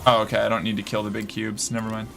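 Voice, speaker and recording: A man's voice: lowish voice, completely flat delivery, fast talker, creaky, a bit bright, soft background music. A young man from Massachusetts with a faint Boston accent, giving exasperated, profane let's-play commentary as he streams a game. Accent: slight Boston.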